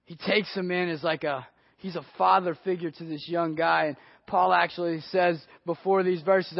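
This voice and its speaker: High-voiced male pastor preaching. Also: steady tone, moderate pace, vocal fry, no room sound. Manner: earnest, swings from hushed to emphatic. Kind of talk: sermon. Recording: dry, dull lo-fi audio.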